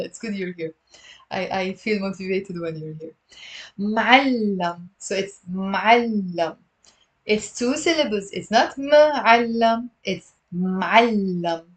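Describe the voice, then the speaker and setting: A woman with a Lebanese accent teaching a live online Arabic lesson, patiently repeating words slowly and greeting viewers by name. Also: mid-range voice, a little mellow. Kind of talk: live-stream language lesson.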